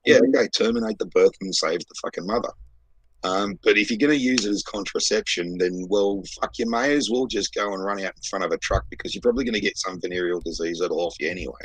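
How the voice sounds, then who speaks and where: A low-voiced Australian man with a husky, slightly rough tone, talking bluntly and swearing freely as he rambles through a story. The sound is dry and close, with no room behind him. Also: quick pace, dry recording, low-quality recording. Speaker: podcast co-host. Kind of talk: casual chat.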